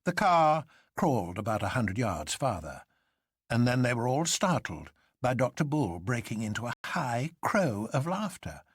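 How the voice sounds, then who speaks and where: An expressive storyteller reading a novel aloud, with a lively voice that rises and falls. The sound is dry and close, with no room around it. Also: medium pitch, moderate pace, slightly rough, no echo. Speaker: narrator. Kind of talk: scripted narration of a novel.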